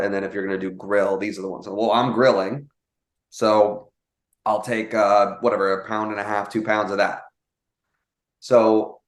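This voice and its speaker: Young man, lower voice, casual storytelling, animated, quotes other voices, roomy echo. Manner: animated, acts out quoted voices, many fillers. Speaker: guest telling a sales story.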